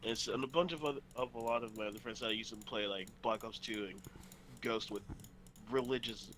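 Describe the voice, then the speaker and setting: A young man with a bright, forceful voice rambles through a gaming story on a casual podcast. He swears freely, restarts his sentences and piles on fillers. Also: mid-range voice, fairly even intonation, a little fast, a little hiss or hum, poor audio. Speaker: podcast co-host. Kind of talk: casual chat.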